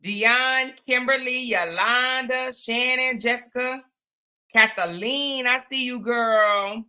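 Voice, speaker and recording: Woman livestream host, bright voice, chatty and familiar, greets viewers by name. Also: a little high, slow. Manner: chatty, greets viewers by name, calls them y'all and honey. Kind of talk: casual live-stream chat with viewers.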